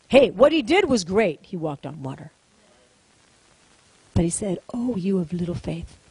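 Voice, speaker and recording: A high-voiced woman preaching to a congregation, her pitch swinging widely as she drives each point home. She repeats key phrases and calls on the room to answer back. The sound is dry, with little room echo. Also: husky. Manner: emphatic, repetitive call-and-response preaching. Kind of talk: sermon. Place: church service, in front of a congregation.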